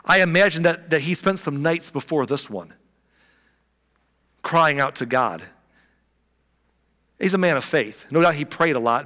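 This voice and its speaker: A man preaching a sermon as pastor, animated and conversational, with frequent exclamations, in a church sanctuary. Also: fairly high pitch. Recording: long reverb of a large hall.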